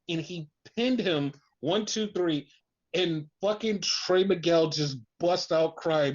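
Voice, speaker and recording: Wrestling podcast host rambling excitedly, cursing a lot, lots of "like", dull lo-fi sound. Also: medium pitch, slow pace. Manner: excited, profane storytelling with many "like" fillers. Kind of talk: casual wrestling recap chat. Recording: dull lo-fi recording.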